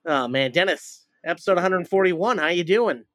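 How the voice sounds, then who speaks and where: A man's voice: sits high, lively intonation, moderate pace, fairly bright tone, dry recording. A man co-hosting a podcast in loose, rambling, joking casual chat, recorded in a shed. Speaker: podcast co-host. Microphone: home recording setup in a shed.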